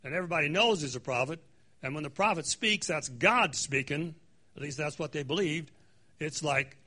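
A man's voice: a little high, lively intonation, moderate pace, bright, forceful tone, slightly rough. A man leading a conversational Bible study in a church room, reading scripture dramatically and adding joking asides.

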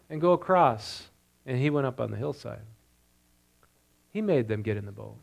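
A male pastor with a medium-pitched, gravelly voice leads prayer, then preaches through a scripture passage at a fairly quick pace. He's animated, grows loud on the quoted lines, and asks his congregation questions.

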